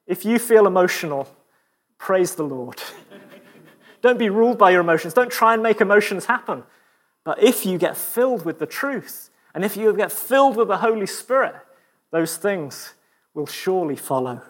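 A middle-aged man preaching a sermon, animated with frequent stumbling restarts, then praying softly to close. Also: high-pitched, normal speed. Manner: animated, stumbling restarts, dropping to a hushed prayer.

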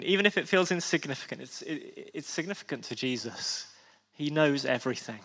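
A man's voice: mid-range voice, expressive, a little fast, creaky, fairly bright tone, long reverb tail. Storytelling male preacher. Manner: frequent restarts, emotional asides. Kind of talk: sermon storytelling.

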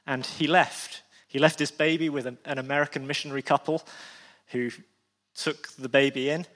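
A man's voice: mid-range voice, fairly even intonation, normal speed, fairly bright tone, in a large hall. Male preacher, sermon storytelling, restarts, heartfelt asides. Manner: frequent restarts, emotional asides.

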